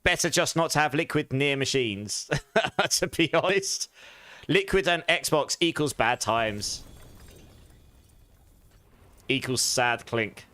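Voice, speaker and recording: A man's voice: medium pitch, lively intonation, takes it slowly, long pauses, pushed and bright, no room sound. A man streaming a game live, chatting casually with viewers and laughing often. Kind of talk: casual live stream chat while gaming.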